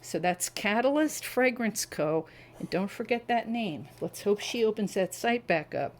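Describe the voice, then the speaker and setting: A woman's voice: mid-range voice, lively intonation, unhurried, a little hiss or hum, poor audio. A middle-aged woman chatting at home in a casual review vlog, enthusiastic and savoring each description. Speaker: wax melt reviewer. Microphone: camera on a tripod.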